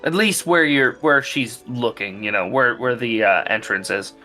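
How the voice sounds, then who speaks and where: Bright-voiced man running a game. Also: mid-range voice, faint music behind. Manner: relaxed, halting. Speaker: game master. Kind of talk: narrating a tabletop game.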